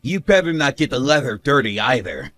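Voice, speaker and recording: Brief: male voice as a cruel sneering husband, shouty and taunting, lively bright delivery. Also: medium pitch, fairly quick. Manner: sneering, mocking laughs, shouts. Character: smug cruel young husband, mocking and bossy. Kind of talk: animated story narration.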